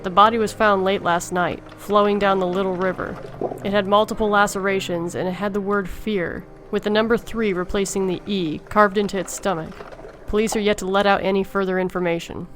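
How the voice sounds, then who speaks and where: A woman's voice: medium pitch, steady tone, brisk, fairly bright tone, slight background noise, lightly acted. A woman voicing a female TV news anchor, reading a crime report in a formal broadcast delivery. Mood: grave.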